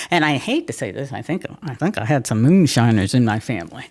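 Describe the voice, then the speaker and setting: An older woman, telling stories from her life as a mayor in a lively, laughing way, often repeating words as she restarts. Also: extremely low pitch, fairly quick, few pauses. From Pennsylvania. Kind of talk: conversational storytelling interview.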